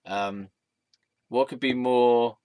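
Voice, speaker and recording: A man's voice: medium pitch, steady tone, slow, dark tone, smooth, dry recording. Rambling man, dry close sound. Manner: scattered, laughing, loses his thread, swears. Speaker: vlogger. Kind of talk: rambling stream-of-consciousness monologue.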